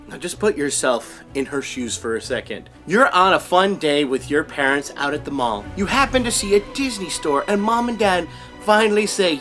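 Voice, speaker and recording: A man telling an animated, laugh-filled story to camera in a vlog, slipping into character voices. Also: a little high, fairly quick, music in the background. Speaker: voice impressionist and vlogger.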